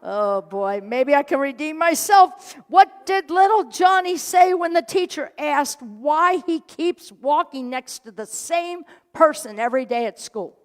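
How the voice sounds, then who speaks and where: A woman's voice: high voice, expressive, a little slow, hardly any pauses. A woman minister giving a sermon, telling a story with jokes and acting out the people she quotes. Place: church sanctuary. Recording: hall reverb.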